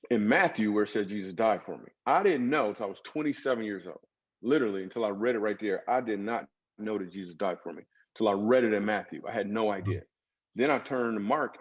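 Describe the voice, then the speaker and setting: Low-voiced man telling comic stories. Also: husky, lo-fi sound. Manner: lively comic storytelling with voiced asides. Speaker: comedian guest. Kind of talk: storytelling interview talk.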